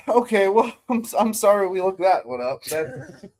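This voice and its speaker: High-voiced man hosting a podcast. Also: very animated, normal speed, darkish tone. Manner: reads definitions aloud, laughing and flustered. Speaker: podcast host. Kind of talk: casual comedy podcast chat.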